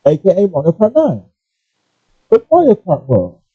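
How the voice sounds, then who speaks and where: A man ranting casually about gaming and pausing often to apologize for his language. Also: high-pitched, husky, dry recording. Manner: animated, apologetic asides, restarts. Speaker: gaming commentator. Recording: dull lo-fi, dry.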